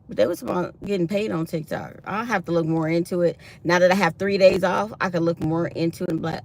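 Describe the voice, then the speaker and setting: Chatty woman with a gravelly voice. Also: lowish voice, fast, hardly any pauses. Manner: chatty, animated retelling of her day. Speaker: vlogger. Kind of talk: casual chat to viewers.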